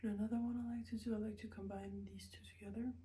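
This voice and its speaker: A young woman rambles candidly to her camera in a relaxed vlog. Her voice is mellow and warm at a middle pitch. She often dips into soft whispers. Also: racing, low-quality recording. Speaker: vlogger. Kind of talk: casual confessional vlog.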